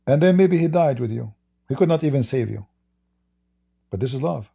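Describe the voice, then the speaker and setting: A man's voice: mid-range voice, animated, moderate pace, creaky, mellow, slightly rough. A man with an Arabic accent hosting live-stream debate commentary, emphatic and full of rhetorical questions to his audience. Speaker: Christian apologist host.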